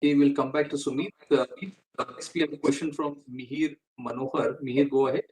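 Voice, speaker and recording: A male moderator keeps the call moving with short, polite hand-offs. His pitch sits in the middle. He sounds set back from the microphone. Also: steady tone, brisk, a little mellow, recorded from a distance, poor audio.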